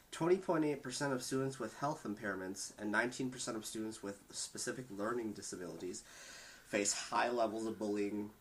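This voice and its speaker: A man hosting a discussion who reads statistics aloud in a steady, measured way, with occasional small stumbles. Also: on the low side, a little hiss or hum, low-quality recording. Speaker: podcast host reading statistics.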